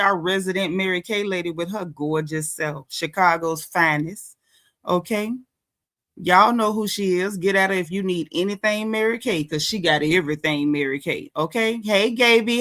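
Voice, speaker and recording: A woman hosting a casual live stream, chatty and slangy, shouting out viewers by name. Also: medium pitch. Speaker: host of a celebrity gossip live stream.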